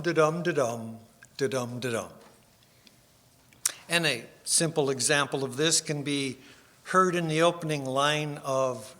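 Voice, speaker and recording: A man giving a sermon with slides, unhurried and self-deprecating, with small restarts. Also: mid-range voice, sharp tone. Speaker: speaker giving a split sermon. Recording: long hall reverb.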